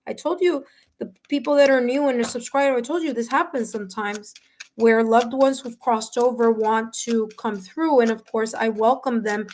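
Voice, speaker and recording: A woman reading tarot live for her viewers, talking warmly and emotionally, with many fillers and restarts. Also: a little high. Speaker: tarot reader and medium. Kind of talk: live-stream reading, casual chat with viewers.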